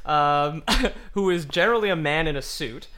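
A man's voice: a little high, normal speed, sharp tone, slight background noise. A man hosting a casual podcast and explaining a topic to friends in a joking, profane way. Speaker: podcast host presenting the topic.

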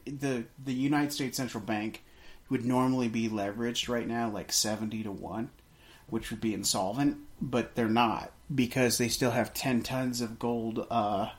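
A man's voice: mid-range voice, moderate pace. A man co-hosting a casual movie podcast, rambling through a scene with many restarts and fillers. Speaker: podcast co-host.

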